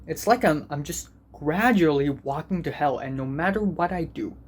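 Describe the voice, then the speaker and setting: A man's voice: fairly high pitch, lively intonation, normal speed. A teenage boy vlogging as a student, venting in an angry, profane and self-deprecating way. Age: teens. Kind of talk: ranting vlog.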